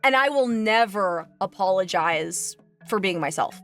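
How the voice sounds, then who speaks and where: A woman's voice: mid-range voice, unhurried. Earnest woman chatting over faint music. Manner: earnest, animated, candid. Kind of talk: casual stream chat.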